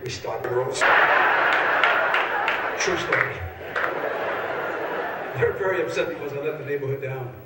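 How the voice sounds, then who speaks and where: A man's voice: medium pitch, a little slow, pauses often, very noisy. Male comedian telling jokes in an echoey hall. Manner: chatty, punchline-driven joke telling. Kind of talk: stand-up storytelling and joke telling. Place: large auditorium stage. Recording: echoey hall miked from far off.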